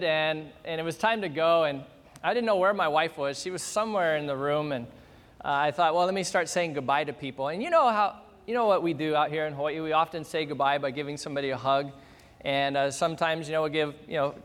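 A middle-aged male pastor delivering a sermon, animated and humorous, acting out scenes as he tells the story. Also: on the high side, fairly quick, in a large hall.

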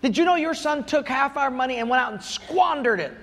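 A man voicing a resentful young elder brother who demands answers in shrill, outraged questions. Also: animated, a little fast, fairly bright tone, long reverb tail. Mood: indignant.

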